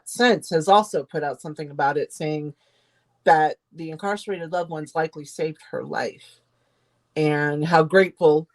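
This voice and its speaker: Low-voiced earnest woman co-host. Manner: earnest, affectionate storytelling. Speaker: podcast co-host. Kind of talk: casual chat.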